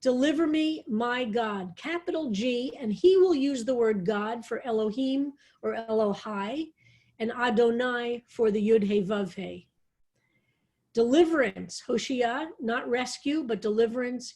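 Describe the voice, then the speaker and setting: A woman rabbi leading an online psalm study, reading verses aloud slowly and explaining them with thoughtful enthusiasm. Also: a little high, darkish tone. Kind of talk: online text study class.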